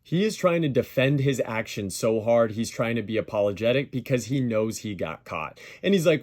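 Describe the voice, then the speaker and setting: A man's voice: mid-range voice, animated, normal speed, hardly any pauses, darkish tone. Emphatic man rebutting claims point by point. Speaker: YouTuber responding to a dispute. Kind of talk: commentary over played clips.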